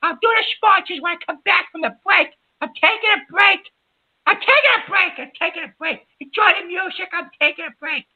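A man playing a hot-tempered radio host who flares up at his callers, shouting insults. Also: very high-pitched, expressive, full character voice. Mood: upset. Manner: quick to explode, insulting callers. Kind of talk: comedic call-in radio bit. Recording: lo-fi muffled audio.

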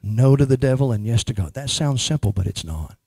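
A man's voice: medium pitch, animated, fairly quick, warm tone, slightly rough, dry recording. A man ministering as a prophet, speaking emphatically and praying over a woman in church. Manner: emphatic, prays over a person.

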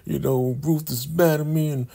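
A frantic, tipsy woman frets in a raised voice, put on by a man retelling a TV scene. The voice stays husky under the pitch, and the words tumble out in a nervous rush. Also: fairly even intonation, normal speed, mellow. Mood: panicked.

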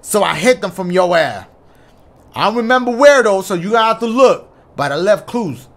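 A cold, accusing ghost of a dead woman speaks from a horror game, read aloud by a man. Her lines come out flat and blaming, with the pitch still lifting and dipping. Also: moderate pace, full character voice. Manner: reading game lines aloud in a half-serious voice. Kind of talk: reading game dialogue aloud.

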